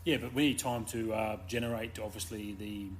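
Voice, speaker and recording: A man's voice: lowish voice, moderate pace, background noise. A man co-hosting a podcast, telling stories in a rambling way. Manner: rambling storyteller, stammers when excited. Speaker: podcast co-host. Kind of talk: casual chat.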